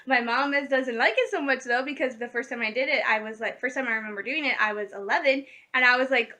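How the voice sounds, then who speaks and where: A woman's voice: high-pitched, a little fast, pushed and bright, a little hiss or hum. A woman, vlogging in a rambling, chatty way, laughing often and correcting herself mid-sentence. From Michigan, USA. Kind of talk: casual vlog chat.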